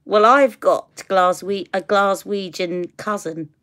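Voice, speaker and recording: A woman's voice: mid-range voice, fairly even intonation, slow pace, fairly bright tone. Chatty woman doing live makeup. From United Kingdom. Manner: chatty, laughing, rambling tangents. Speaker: beauty vlogger. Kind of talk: live makeup tutorial chat.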